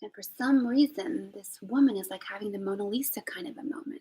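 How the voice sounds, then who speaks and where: A young woman telling a personal story on a live stream, candid and emotional, swinging between loud outbursts and hushed whispers. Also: medium pitch, brisk, breathy edge, low-quality recording. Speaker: vlogger.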